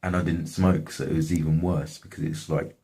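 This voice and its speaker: A man's voice: very deep voice, fairly even intonation, a little fast, vocal fry, mellow. A young man casually telling a story from his life, slangy and swearing often. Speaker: vlogger.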